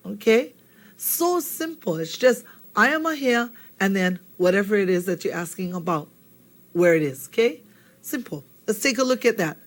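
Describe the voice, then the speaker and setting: A woman's voice: fairly high pitch, expressive, moderate pace. A woman teaching a language lesson, patiently repeating phrases and checking in with "okay?".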